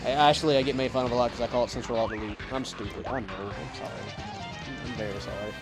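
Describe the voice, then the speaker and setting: A man's voice: mid-range voice, steady tone, fast. Rambling young man narrating gameplay. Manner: rambling, self-deprecating, stumbles over words. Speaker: let's play host. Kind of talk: casual gameplay commentary. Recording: game music behind.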